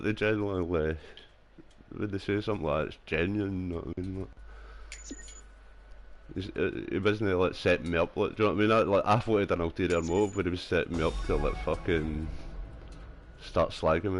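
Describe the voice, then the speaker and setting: Young male streamer with a lowish voice: loose, sweary, filler-heavy chat. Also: steady tone, fast talker, a little hiss or hum. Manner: rambling, sweary, full of fillers. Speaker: gaming streamer. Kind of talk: casual chat while gaming.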